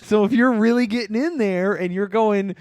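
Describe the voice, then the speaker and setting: A man co-hosting a casual comedy podcast, telling stories with lively acted-out quotes and laughing often. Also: moderate pace, clean tone, no echo, studio quality. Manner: animated storyteller, acts out quotes in a high voice. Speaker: podcast co-host.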